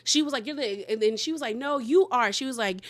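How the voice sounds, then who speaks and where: A woman recapping a reality show in a lively, casual way, acting out the cast's lines and laughing often. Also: fairly high pitch. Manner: animated, quotes the cast in quick bursts, laughs often.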